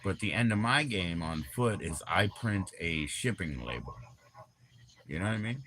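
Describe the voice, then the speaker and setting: A man's voice: sits low, animated, normal speed, background noise. A middle-aged man hosting a casual livestream, rambling in slang, jumping between topics and greeting viewers in chat. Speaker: livestream host.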